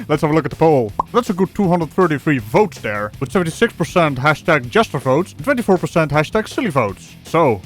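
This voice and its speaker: A man hosting a mocking comedy commentary video, talking in a sarcastic, ranting, jokey way. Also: a little high.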